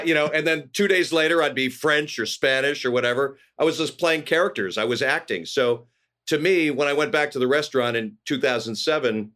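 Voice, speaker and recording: A middle-aged man from California, a guest actor telling animated stories in casual conversation, often acting out quoted voices. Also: medium pitch, a little fast. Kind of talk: casual storytelling.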